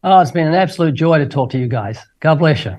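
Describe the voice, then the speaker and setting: An older man talks with lively, joking enthusiasm as a guest on a radio show. His voice sits a little high, and he moves quickly from point to point. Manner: enthusiastic, jokey, quick talker. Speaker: evangelist guest. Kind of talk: phone-in radio interview.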